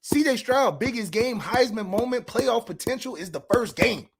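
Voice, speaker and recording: High, lively trash-talking man. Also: normal speed, vocal fry, husky. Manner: trash-talking, sarcastic, fires rhetorical questions; shouts at peaks. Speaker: podcast co-host. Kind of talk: sports podcast rant.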